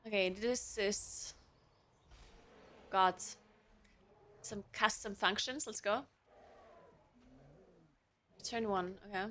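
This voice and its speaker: Bright-voiced woman streamer thinking aloud. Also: mid-range voice, fairly even intonation, very slow, pauses often. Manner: chatty, thinking aloud, laughs often. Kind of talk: casual live-stream chat while gaming.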